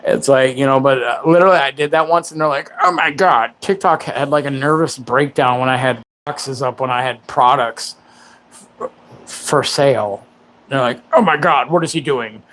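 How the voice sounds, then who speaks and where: A man's voice: mid-range voice, fairly even intonation, moderate pace, a bit bright, slight background noise. Crude, joking man in his forties. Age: 40s. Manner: crude, joking, self-mocking. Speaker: livestream host. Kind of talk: rambling casual livestream chat.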